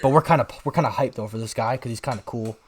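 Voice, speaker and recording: A young man co-hosting a podcast, telling a rambling story in casual chat and shouting out the lines he quotes. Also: medium pitch, fast talker, a little hiss or hum. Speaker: podcast co-host.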